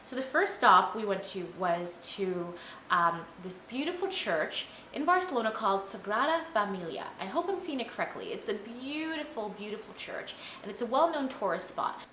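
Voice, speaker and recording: A young woman in a casual vlog, telling a travel story in an animated, chatty way, full of "like" and "you know". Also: mid-range voice, normal speed, a little hiss or hum. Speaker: travel vlogger. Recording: echoey room.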